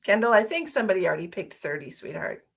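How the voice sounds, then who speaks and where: A woman's voice: mid-range voice, a little slow, sharp tone. A woman who works as a psychic medium, chatting casually with viewers on her live stream. She is playful, laughs often and calls people sweetheart and honey.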